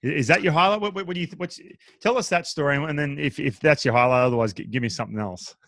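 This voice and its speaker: A man with an Australian accent hosting a casual interview, asking energetic, rambling questions full of restarts. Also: fairly high pitch, quick pace, no echo. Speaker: podcast host.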